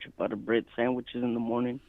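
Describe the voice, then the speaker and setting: A man's voice: medium pitch, completely flat delivery, fairly quick, no room sound, narrow, tinny audio. A man co-hosting a podcast in easygoing casual chat, joking and laughing at himself. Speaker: podcast co-host.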